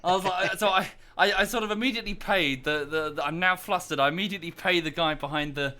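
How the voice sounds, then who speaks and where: A man with a bright, ringing voice pitched a little high, chatting on a stream through a headset. He tells his story with lively energy and swears freely. It is casual voice-chat banter. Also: fast.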